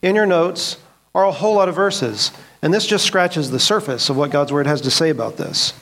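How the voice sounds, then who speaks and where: A man's voice: a little high, moderate pace, fairly bright tone. A man teaching a church Bible class, asking the group questions and quoting scripture earnestly. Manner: earnest, asks the room questions, quotes scripture.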